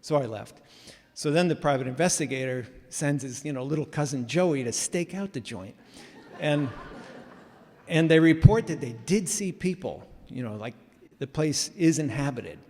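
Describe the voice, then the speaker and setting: A man telling a story live in a casual, animated way with self-mocking humor, heard in a reverberant hall. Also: a little high, normal speed.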